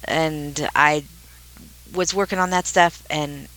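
A co-host in a casual chat who talks slowly and lets sentences trail off. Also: medium pitch, fairly even intonation, pushed and bright, poor audio. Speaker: podcast co-host.

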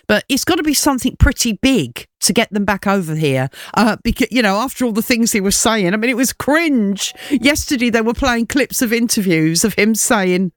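A woman hosting a radio show, chatting in a gossipy, animated way with quick asides. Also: fairly high pitch, dry recording, studio quality.

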